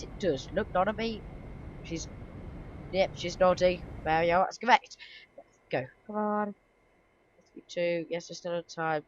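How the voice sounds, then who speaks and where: A woman, a little low-pitched, talking through a game with loose, self-correcting chatter and quick exclamations. A steady rumble of train engine noise runs underneath her voice. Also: lo-fi sound. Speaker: channel host. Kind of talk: live game commentary.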